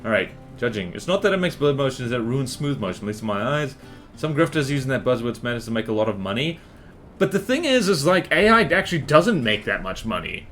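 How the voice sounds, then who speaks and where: A man's voice: medium pitch, very animated, fast, fairly bright tone, faint music behind. A man streaming a strategy game live, chatting with his viewers and reacting to the battles on screen as he rambles through his opinions.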